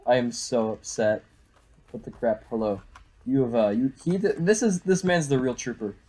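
A young man giving excitable live commentary while playing a shooter game at home on a desktop microphone. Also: mid-range voice, normal speed, slightly rough. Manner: excitable, reactive, frequent exclamations. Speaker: gaming YouTuber.

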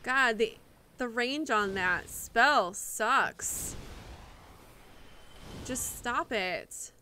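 Bright-voiced woman cursing at her game. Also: fairly high pitch, drawn-out words, slight background noise. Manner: frustrated, profane muttering at the game. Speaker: streamer. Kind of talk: live gameplay commentary.

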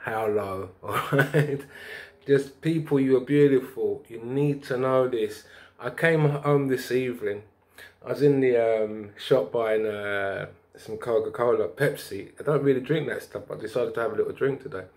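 A man vlogging, telling a rambling spiritual story in a preachy, lively way with bursts of laughter. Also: mid-range voice, normal speed.

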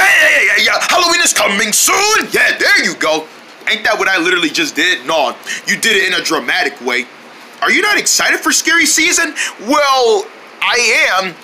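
A man doing high goofy cartoon voices. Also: pushed and bright, a little hiss or hum. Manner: goofy, playful, sing-song. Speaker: cartoon creator voicing characters. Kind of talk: cartoon character banter.

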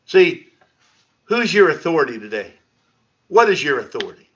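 A man's voice: fairly high pitch, very animated, moderate pace, a bit bright. A man preaching a sermon as pastor in his church, talking in a conversational way with sarcastic asides. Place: church sanctuary. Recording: lo-fi livestream audio.

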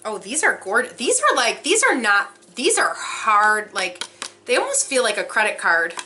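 A young woman excitedly unboxing a subscription box for her vlog, gushing and exclaiming as she goes. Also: fairly high pitch, normal speed, background noise. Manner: gushing, breathless, frequent exclamations.

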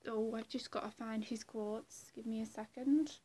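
A woman's voice: on the high side, fairly even intonation, moderate pace, mellow, slightly rough. A woman video creator in casual chat, rambling and self-deprecating. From British.

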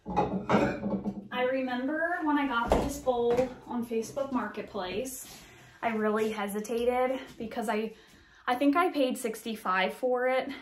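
Bubbly woman vlogger, chatty and gushing, a touch high-pitched. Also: echoey room, slight background noise. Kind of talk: casual show-and-tell vlog.

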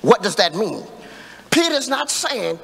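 A man preaching a sermon in call-and-response style, building to emphatic shouts. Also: high voice, very animated, unhurried, creaky, husky. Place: church sanctuary. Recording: echoey church hall reverb.

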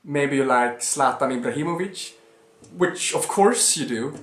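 A man's voice: medium pitch, animated, unhurried, fairly bright tone, echoey room. A man from Sweden with a Swedish accent, explaining things in a plain, personal way as a language teacher in a casual video lesson.

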